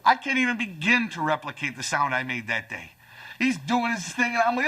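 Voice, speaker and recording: Animated man in his forties doing stand-up. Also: a little fast. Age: 40s. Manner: animated, jumps to high voices for acted-out lines. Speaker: stand-up comedian. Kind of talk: stand-up routine.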